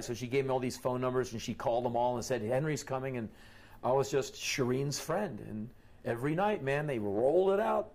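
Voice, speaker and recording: A middle-aged man from the United States telling stories in an interview in an animated way, quoting the people he met. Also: medium pitch, a little fast. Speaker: interview guest.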